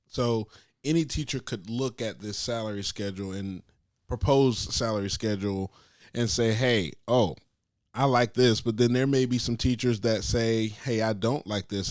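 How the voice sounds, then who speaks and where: A man's voice: on the low side, darkish tone, no echo, clean studio sound. A man hosting a podcast, easygoing and leading the talk with questions. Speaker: podcast host. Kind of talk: casual podcast chat.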